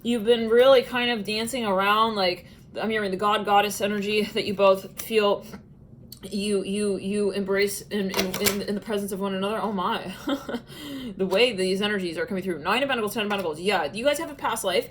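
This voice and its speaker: A woman's voice: medium pitch, steady tone, a little fast, a little hiss or hum, low-quality recording. A woman giving a casual tarot reading, chatty and musing, often breaking into laughter. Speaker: tarot reader.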